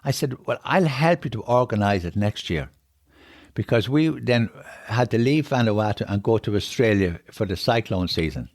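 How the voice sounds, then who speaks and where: A man's voice: fairly low pitch, expressive, moderate pace, darkish tone, no room sound, clean studio sound. An older Irish man, a podcast guest, telling rambling travel stories in a conversational way and often repeating himself. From Ireland. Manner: rambling, repeats "on it", emotional when moved. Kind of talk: conversational storytelling.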